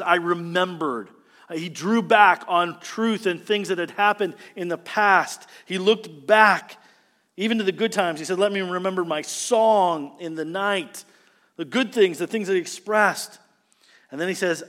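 A man preaches a sermon in a fairly high voice, his pitch and volume climbing whenever he stresses a point. He sounds earnest and direct. The sound rings with the long reverb of a church hall. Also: a bit bright. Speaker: pastor.

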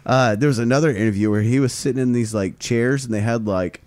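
A man co-hosting a podcast, telling long stories in casual chat and acting out the quotes with loud swearing. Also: medium pitch, fast. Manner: rambling storyteller who acts out quotes with loud swearing. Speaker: podcast co-host.

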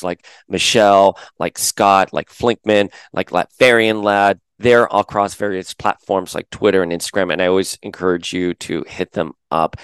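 A man hosting a fan podcast, chatting casually to viewers in an animated way and often restarting his words. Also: low-pitched, smooth, dry recording. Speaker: podcast host. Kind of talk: casual chat to camera.

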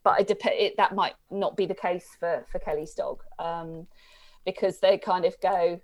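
A woman co-hosting a podcast, chatting in a relaxed, hesitant way. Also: on the low side, moderate pace. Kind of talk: casual chat.

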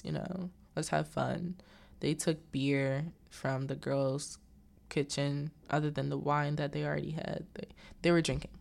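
A woman's voice: low voice, vocal fry. A woman chattily recapping a movie's plot, wandering into asides and acting out the characters' lines. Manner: animated, acts out the characters' lines in quick voices.

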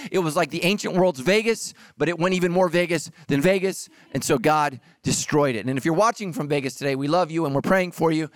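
Energetic pastor guy mid-sermon, kinda high voice, cracks jokes at the crowd. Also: dry recording, clean studio sound. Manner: energetic, jokey preaching with audience asides.

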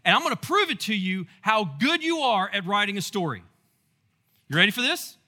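A man preaching a sermon as pastor, animated and storytelling with asides and rhetorical questions. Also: high-pitched, normal speed. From Texas.

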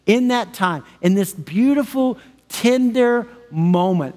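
A man's voice: high voice, expressive, a little slow, darkish tone. A male pastor, preaching a sermon in an enthusiastic, chatty way with frequent laughs. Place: large church hall. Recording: long church-hall reverb.

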